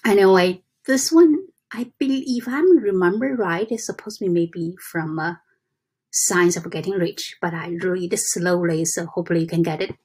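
A woman giving a casual motivational talk to her viewers, soft and halting, with frequent restarts and slow deliberate reading aloud. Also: fairly low pitch, breathy edge. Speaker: self-help vlogger.

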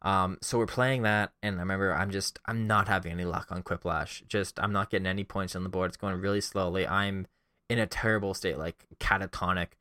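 Low-voiced man rambling through an anecdote. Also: steady tone, a little fast, sharp tone, smooth, no echo, studio quality. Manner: rambling, filler-heavy, self-deprecating. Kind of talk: casual personal anecdote.

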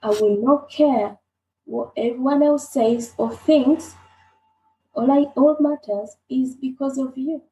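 A woman shares her own story as an interview guest, her voice sitting a little high and mellow. She stumbles and repeats herself, voicing the people in her story. The room around her rings with echo. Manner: halting, repeats herself, acts out dialogue. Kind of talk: emotional personal storytelling. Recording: roomy echoey sound.

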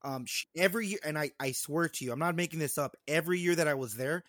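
A man co-hosting a loose podcast, telling stories at an easy pace and laughing along the way. His voice sits a little high, and the sound is dry and close with no room echo. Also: quick pace, a bit bright. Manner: laid-back storytelling with frequent laughs. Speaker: podcast co-host. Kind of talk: casual chat.

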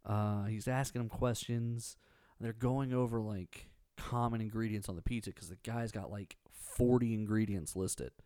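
A man in casual chat, retelling scenes with lively acted-out quotes and frequent laughter. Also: on the low side, normal speed, smooth, no room sound, studio quality. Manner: animated storytelling, acts out quotes, laughs often.

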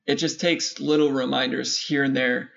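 A man's voice: mid-range voice, fairly even intonation, normal speed, vocal fry, fairly bright tone. A man co-hosting a casual podcast chat, talking in a laid-back, rambling, slangy way. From San Diego area. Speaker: podcast co-host. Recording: muffled lo-fi audio.

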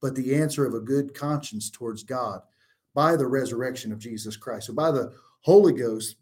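A man of middling pitch teaches as a guest on a religious talk show. He reads old-style scripture aloud, then explains each verse in earnest, plain language. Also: normal speed, darkish tone.

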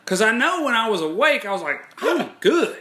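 Animated, swearing man telling a story. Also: sits high, fast, echoey room. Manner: animated, profane, acts out quotes. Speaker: podcast host telling a story. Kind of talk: casual storytelling chat.

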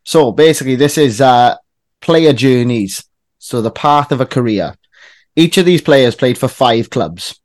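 A man's voice: medium pitch, lively intonation, measured pace, darkish tone, no room sound. A man hosting a casual football quiz among friends, teasing and reading lists of clubs aloud. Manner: reads clubs out one by one in a teasing tone. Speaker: quiz host.

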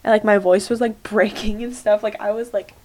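A woman's voice: medium pitch, fairly even intonation, fairly quick, darkish tone. A young woman hosting a solo podcast, chatting casually and gushing, with lots of "like" and "um". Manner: gushing, many fillers like "like" and "um". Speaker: podcast host.

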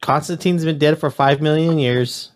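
A man co-hosting a talk show, tossing in quick wisecracks. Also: fairly high pitch, fairly even intonation.

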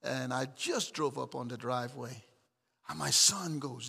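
Middle-aged man, pastor, sermon, bright tense voice, long hall reverb, swings from shouting to soft telling. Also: medium pitch, unhurried, gravelly, breathy edge. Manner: builds to shouted emphatic preaching, then drops to soft storytelling with chuckles. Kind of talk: sermon with personal story.

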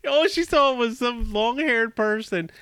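A man's voice: very high voice, unhurried, fairly bright tone, clear, resonant tone, no room sound. A man co-hosting a casual podcast, laughing often as he tells a story about his brother. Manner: laughs a lot while telling a story. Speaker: podcast co-host. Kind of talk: casual chat.

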